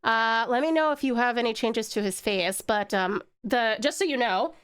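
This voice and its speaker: Woman, livestreamer and artist, casual chatty drawing stream, rambling, talks to chat, slightly high voice. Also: normal speed, a bit bright, clear, resonant tone. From Tasmania, Australia.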